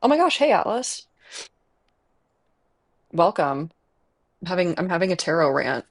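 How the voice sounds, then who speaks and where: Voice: mid-range voice, sing-song, a little slow. A game streamer with a Chicago accent, chatting casually and rambling with lots of fillers while playing. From Midwest United States. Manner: rambling and chatty, with many fillers and self-aware laughs. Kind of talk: casual live-stream chat while gaming. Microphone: earbuds with a desk mic setup.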